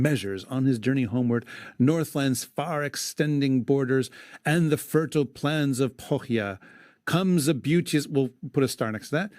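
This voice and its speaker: A man's voice: medium pitch, a little mellow, no room sound. Man reading epic verse, dry close sound. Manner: dramatic recitation broken by wry asides. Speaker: podcast co-host. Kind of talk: reading an epic poem aloud with commentary.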